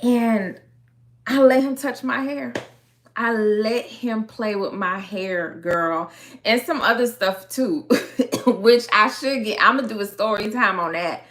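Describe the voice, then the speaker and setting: A woman's voice: mid-range voice, a bit bright. A young woman with a Miami accent, a hair care creator telling a story time in a chatty, slangy way with frequent laughs.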